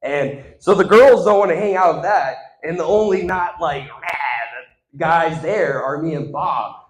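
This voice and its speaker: A young man doing stand-up, telling an animated story and acting out the other people in it. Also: on the high side, measured pace. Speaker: stand-up comedian. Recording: echoey room.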